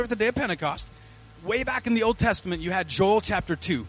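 Casual animated midwestern preacher man. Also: high voice, fast, slightly rough, low-quality recording. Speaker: pastor. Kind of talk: sermon. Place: church sanctuary. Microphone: handheld or headset mic.

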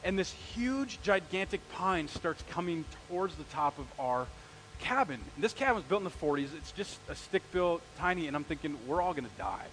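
Man, middle-aged, pastor, sermon storytelling, animated, slightly high voice. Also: normal speed, rough recording. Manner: animated, acts out quoted lines with big swings in loudness.

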